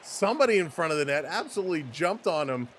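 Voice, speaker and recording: A man streaming live hockey play-by-play, calling the action with excitement and greeting chat viewers by name. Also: fairly high pitch, fast talker. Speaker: livestream sports host.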